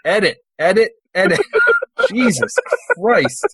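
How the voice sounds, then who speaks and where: A man's voice: sits high, animated, takes it slowly, background noise. A man playing a tabletop game over a video call, teasing the others and swearing often. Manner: teasing, laughing, lots of swearing. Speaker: player.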